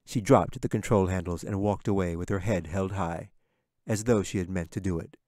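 A man with a fairly low voice reads his own fantasy story aloud as an audiobook. He keeps a measured, steady storytelling pace. The sound is dry and close, with no room echo. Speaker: author reading his own book. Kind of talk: audiobook narration.

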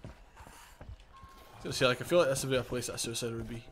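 A man's voice: medium pitch, rapid-fire, a little hiss or hum. Easygoing man rambling through a game. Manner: rambling, self-correcting, chuckles often. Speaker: gaming channel host. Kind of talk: casual let's-play commentary.

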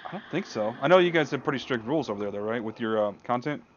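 A man hosting a let's play stream, chatty and quick to laugh. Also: mid-range voice, animated, highs cut off, a little hiss or hum. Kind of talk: casual stream chat while playing.

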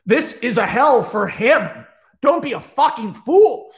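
A man's voice: extremely high pitch, sing-song, takes it slowly, voice pushed up, exaggerated voice. A man doing a cautious, dismissive horror villain. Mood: impatient.

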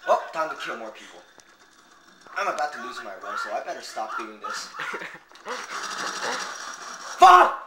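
A man yelling and cursing at a video game in a strained, raging voice that is close to giving out. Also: lowish voice, animated, fairly quick, very noisy. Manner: screams insults in a strained, raging voice. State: strained voice, nearly losing it. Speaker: gamer playing with friends. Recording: roomy room with people chattering behind.

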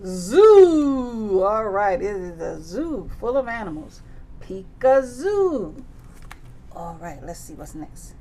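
A woman's voice: lowish voice, lively intonation, moderate pace, few pauses, a little mellow, husky. A woman teaching circle time to young children, singing nursery songs and reading a picture book with playful animal sounds. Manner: playful, sing-song, animal sounds and big exclamations.

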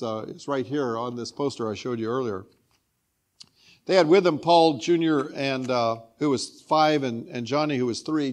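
An older man, a guest preacher, telling a personal story in a sermon with earnest feeling, dropping to a hushed tone at moving points. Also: a little high.

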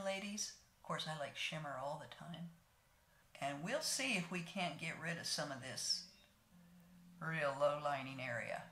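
A woman's voice: deep voice, pushed and bright. Chatty older woman in an echoey room. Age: 60s. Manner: homey, talks to viewers as ladies, narrates each step. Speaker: beauty vlogger. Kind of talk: chatty makeup tutorial.

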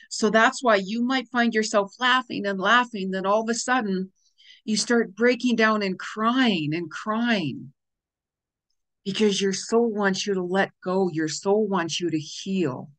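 A middle-aged woman giving a casual spiritual astrology forecast, chatty and animated, laughing often and acting out little quoted reactions. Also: mid-range voice. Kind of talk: casual weekly forecast talk.

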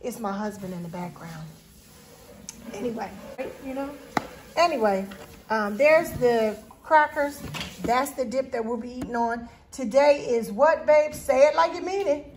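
A woman's voice: on the high side, unhurried, noisy background. A woman hosting a casual grocery haul video at home, chatting straight to her viewers. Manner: chatty, keeps addressing viewers directly. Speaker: vlog host.

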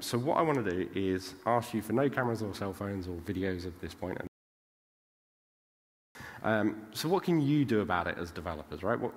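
A British man giving a casual conference talk, chatty and forever checking in with "right?". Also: lowish voice. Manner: chatty, tags lines with "right?". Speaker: conference speaker. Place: large conference hall. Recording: long hall reverb.

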